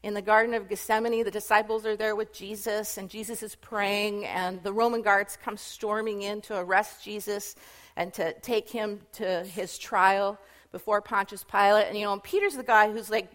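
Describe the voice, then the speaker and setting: A woman retelling Bible stories in a casual, chatty sermon, animated and full of fillers. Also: a little high. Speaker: Bible teacher.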